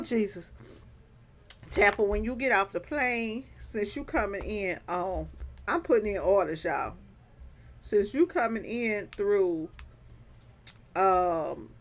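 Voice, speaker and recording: A woman vlogger chatting casually on a stream, teasing her viewers and breaking into big laughs. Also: mid-range voice. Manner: laughing hard, playful teasing, Southern slang. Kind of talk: casual livestream chat.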